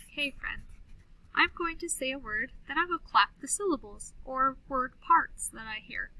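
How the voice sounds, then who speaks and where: A woman teaching first graders a recorded phonics lesson from a classroom, sounding out words slowly, clearly and patiently. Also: high voice, pushed and bright, a little hiss or hum, low-quality recording.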